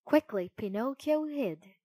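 A woman reading a children's storybook aloud in a clear, deliberate way. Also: high voice, animated, dark tone, dry recording. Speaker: narrator.

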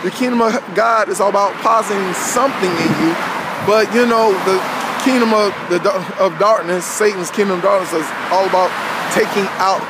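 A man's voice: sits high, brisk. A man giving a casual, conversational sermon, constantly checking in with his listeners as he preaches. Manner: conversational, peppered with "you know what I'm saying". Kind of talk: informal street-style sermon. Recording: outdoor traffic noise behind voice.

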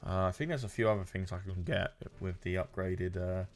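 A man's voice: low-pitched, brisk, faint music behind. A man streaming a video game, giving casual commentary as he plays, muttering to himself and swearing at the game.

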